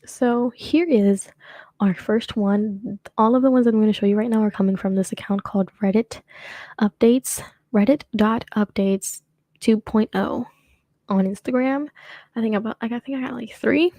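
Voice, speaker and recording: A young woman from the US hosts a show in easygoing talk, wandering off topic, making fun of herself, and laughing frequently. Her warm voice is fairly high with fairly even intonation at a moderate pace, and there's no echo.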